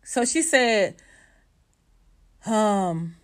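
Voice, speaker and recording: A woman's voice: medium pitch, lively intonation, drawn-out words. A woman commentator on a livestream, ranting in a blunt, profane, emphatic way and talking straight to her viewers and chat. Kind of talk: unscripted livestream rant.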